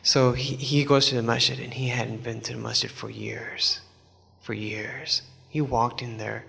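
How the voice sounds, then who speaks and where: Male preacher, gravelly and forceful, casual storytelling, long hall echo. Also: medium pitch, level tone, measured pace. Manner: conversational, with many asides and fillers. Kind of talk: sermon storytelling.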